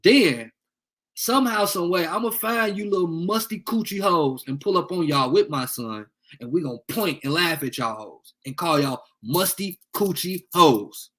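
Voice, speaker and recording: A man's voice: fairly high pitch, normal speed, pushed and bright. A young man on a heated livestream rant, angry and profane, taunting commenters. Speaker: livestream host.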